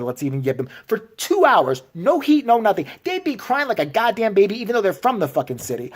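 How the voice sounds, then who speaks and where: Man ranting with a lively, swooping voice. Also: high-pitched, quick pace, hardly any pauses, slightly rough. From Chicago. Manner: profane, exasperated, acts out other people's lines. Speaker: vlogger. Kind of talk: ranting storytelling.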